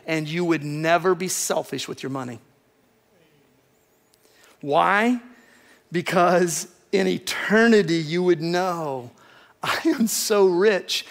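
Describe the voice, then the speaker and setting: High-voiced male preacher. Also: fairly bright tone. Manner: earnest, emphatic, with repeated rhetorical lists. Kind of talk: sermon.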